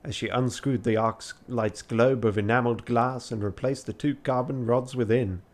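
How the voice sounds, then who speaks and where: A man's voice: medium pitch, fairly even intonation, moderate pace, darkish tone. Tired guy reading a text game on stream, laughs at himself a lot, swears. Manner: self-mocking, laughs often, swears. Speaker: charity streamer.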